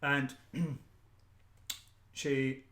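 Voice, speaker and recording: A Scottish street preacher delivers an emphatic, unscripted rant at a middle pitch, repeating words, restarting sentences and often clearing his throat. His delivery is flat and extremely slow, his tone fairly bright, and his voice echoes around a bare room.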